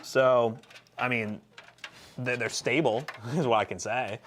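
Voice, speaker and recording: A man's voice: mid-range voice, slow pace, slight background noise. A young man co-hosting a livestream, joking and answering viewer questions while building a PC. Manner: lively, joking, reads chat aloud. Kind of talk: casual livestream chat.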